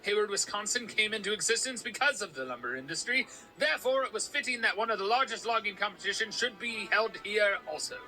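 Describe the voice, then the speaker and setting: A man voicing a pompous old-time man who reads a formal proclamation slowly and grandly, in a put-on Canadian accent. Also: high voice, lively intonation, pushed and bright, soft background music, pitched above the performer's own voice, exaggerated voice, rough recording. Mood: proclamatory. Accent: put-on Canadian attempt. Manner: slow, stately, exaggerated reading.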